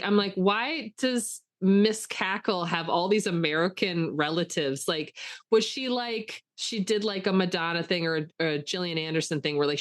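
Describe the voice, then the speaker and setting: A young woman co-hosting a podcast, chatting casually and jokingly, often restarting sentences and acting out quotes. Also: fairly low pitch. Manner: animated, joking, many restarts and quoted asides. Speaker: podcast co-host. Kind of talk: casual chat.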